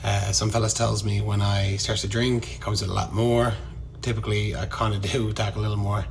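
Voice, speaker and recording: A man's voice: on the low side, little pitch movement, fairly quick, gravelly, a little hiss or hum. A man with a Newfoundland accent, a little congested from a head cold, introducing himself casually and modestly with hesitant uhs. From Newfoundland, Canada. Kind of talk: casual selfie-video introduction.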